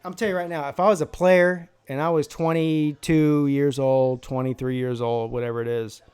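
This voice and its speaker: A man's voice: fairly high pitch, flat delivery, normal speed, darkish tone, clean tone. A man from South Carolina hosting a live football draft stream, brash, profane and joking in casual commentary.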